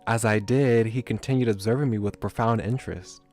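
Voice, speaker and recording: A man's voice: lowish voice, fairly even intonation, brisk, darkish tone, faint music behind. A man reading a visual novel aloud, chatty and self-deprecating, his voice getting scratchy. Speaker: streamer.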